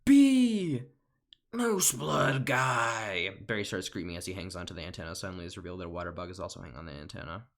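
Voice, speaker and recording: Young man, deep voice, deadpan home-recorded script read, tired. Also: racing, hardly any pauses. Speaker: online comedian. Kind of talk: comedic script reading.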